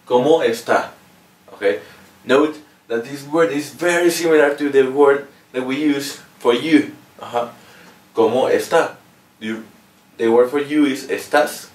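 Mexican man teaching, echoey room. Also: mid-range voice. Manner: patient, ends phrases with "okay?". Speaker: language teacher. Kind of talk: casual video lesson. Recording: roomy echo, mic at a distance.

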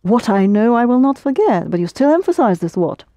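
A woman's voice: a little high, very animated, fairly quick, dark tone, no room sound, studio quality. A woman teaching a language lesson, explaining patiently step by step and prompting her students.

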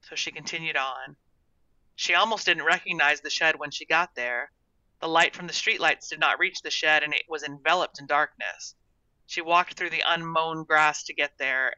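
A storybook narrator reading in a measured, expressive way, with a strikingly bright tone. The recording is dry and close, a bit dull at the top. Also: medium pitch, no echo. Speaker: audiobook narrator.

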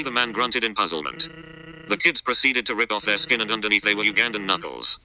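Deadpan man reading a silly story. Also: lowish voice, brisk, slight background noise. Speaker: narrator. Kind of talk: absurd comic story read aloud. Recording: dull, muffled lo-fi recording.

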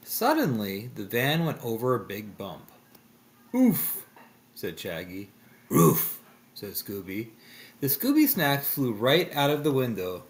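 A man reading a picture book aloud for children in a gentle, sing-song way. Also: medium pitch, big pitch swings, measured pace. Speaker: children's storybook reader. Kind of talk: read-aloud storybook narration.

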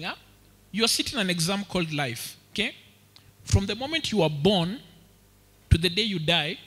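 A man with a Kenyan accent preaching a sermon, telling lively stories and mixing English with Swahili. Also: high voice, slightly rough. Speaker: pastor. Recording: reverberant church hall.

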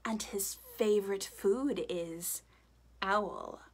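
A woman voicing a small, clever brown mouse who talks with brisk assurance. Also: medium pitch, breathy edge, exaggerated voice. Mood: sly.

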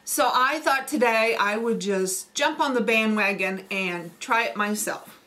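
A woman's voice: a little high, unhurried, sharp tone. A woman with a Missouri Midwestern accent, hosting a homesteading vlog in a chatty, folksy manner. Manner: chatty, folksy, with fillers and laughs. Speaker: homesteading channel host. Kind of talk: casual accent-challenge vlog.

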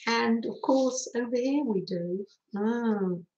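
A woman's voice: on the high side, slow, a little mellow, roomy sound, highs cut off. A middle-aged woman from England hosting a craft livestream, chatting casually and reminiscing with frequent laughs. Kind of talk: casual chat while crafting.

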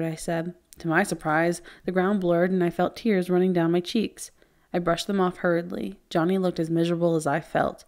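Woman, teacher, reading a novel aloud, earnest, fairly low voice. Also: flat delivery, fairly quick, a little mellow. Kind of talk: audiobook read-aloud with character voices.

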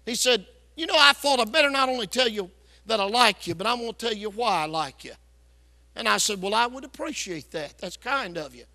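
Loud, bright-voiced preacher in an echoey hall. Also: male voice, sits high, lively intonation, fairly quick. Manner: loud, hard-driving preaching. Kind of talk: revival sermon storytelling. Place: church sanctuary.

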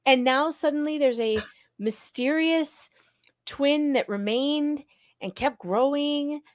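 A woman hosting a live stream, skeptically arguing her point step by step with quick restarts. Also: high-pitched, no room sound, clean studio sound. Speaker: livestream host. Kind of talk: casual live-stream commentary.

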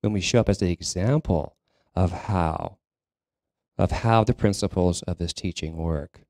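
A minister gives a sermon to his flock in a church sanctuary, his deep, mellow voice unhurried and often breaking off to restart a sentence. The recording is close and dry, with almost no room sound and no echo at all.

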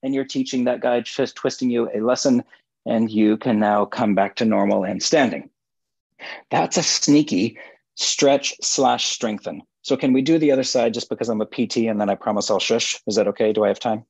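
A man's voice: medium pitch, normal speed, creaky, a little mellow, slightly rough. A man, a physical therapist, guiding a live stretching session in a playful, goofy, self-mocking way, heard over a video call. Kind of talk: guided exercise instruction.

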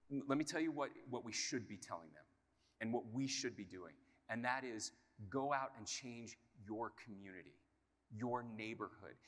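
A man's voice: medium pitch, fairly bright tone. A man giving an impassioned talk on a conference stage, emphatic and repeating his key phrases. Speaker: panel speaker, state governor. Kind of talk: impassioned live panel talk. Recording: long hall reverb at live event.

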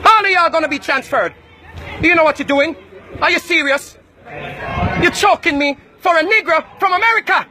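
A man with a strikingly high voice hurls loud, repetitive taunts in a heated confrontation on the street. A noisy crowd surrounds him outdoors. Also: moderate pace, long pauses. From Jamaica.

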